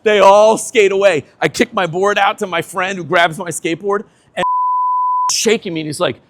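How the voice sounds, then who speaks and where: A man in his fifties, a veteran skateboarder telling an animated story, laughing often and swearing casually. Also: sits high, normal speed, slight background noise.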